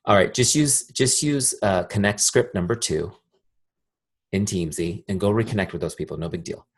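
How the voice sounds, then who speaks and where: A man giving a live sales training talk in a direct, energetic way, often asking the audience questions. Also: lowish voice, normal speed, breathy edge.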